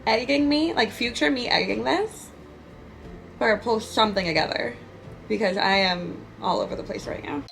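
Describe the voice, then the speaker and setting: A woman's voice: fairly high pitch, normal speed, creaky, fairly bright tone. Young woman rambling about her book, giggly, tired, a bit all over the place, music faintly behind. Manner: chatty, giggly, scattered. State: tired and jittery. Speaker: book vlogger. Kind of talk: casual reading vlog chat.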